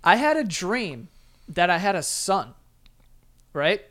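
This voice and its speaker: Male podcast co-host, high voice, animated storyteller who does the voices. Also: slow. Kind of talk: casual chat.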